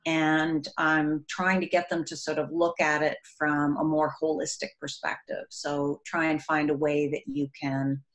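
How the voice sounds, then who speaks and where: A middle-aged woman with a low voice speaks earnestly about teaching in an interview. Her tone brightens and gets animated when she recounts stories from her classroom. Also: measured pace, few pauses. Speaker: author and educator. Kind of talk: recorded interview.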